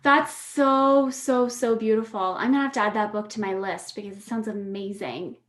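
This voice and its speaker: A woman's voice: mid-range voice, fairly even intonation, normal speed, fairly bright tone. A woman hosting a podcast, chatting casually and affirming her guest with frequent ums and you-knows. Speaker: podcast host. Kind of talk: casual interview chat. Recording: echoey room.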